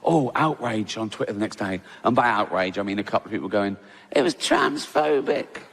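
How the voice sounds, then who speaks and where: A man's voice: fairly low pitch, quick pace. A middle-aged Englishman doing stand-up comedy in a cheeky, rambling, self-interrupting way, in a large live venue. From England. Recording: loud live audience laughter.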